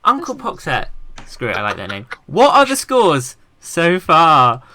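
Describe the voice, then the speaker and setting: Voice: mid-range voice, wildly swooping pitch, measured pace, pushed and bright. A podcast host running a quiz game, playful and teasing with the guests. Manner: playful, teasing, laughing often.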